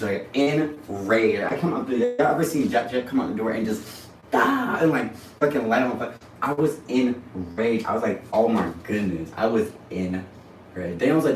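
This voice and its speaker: A young man tells a story on a casual livestream in an animated, rambling, foul-mouthed way. His voice sits on the low side. He sounds distant from the mic in a roomy space with a faint hiss behind him. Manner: animated, rambling, profane, often laughs. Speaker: livestream host.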